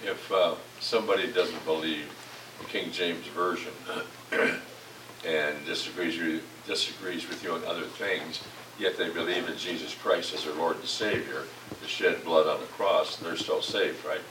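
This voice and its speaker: A man's voice: low-pitched, fairly even intonation, a little slow. A man in the congregation asking the pastor a careful, hesitant question in a church. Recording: distant, roomy, noisy room mic.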